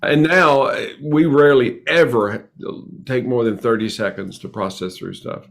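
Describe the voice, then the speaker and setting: A middle-aged man hosting a relationship podcast, talking in an emphatic, animated storytelling way. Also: mid-range voice, normal speed, gravelly. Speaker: podcast host. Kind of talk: casual relationship podcast chat.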